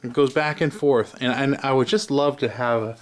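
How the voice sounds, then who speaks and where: A man's voice: mid-range voice, steady tone, moderate pace. A man hosting an arcade repair video in his garage, talking casually with rambling, self-interrupting asides and chuckles. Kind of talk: casual hands-on repair vlog. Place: cluttered home garage.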